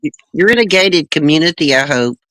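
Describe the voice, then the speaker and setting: A speaker in a casual group chat who talks haltingly, repeating words and restarting sentences. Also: medium pitch, animated, bright, forceful tone, no echo. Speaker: chat panelist.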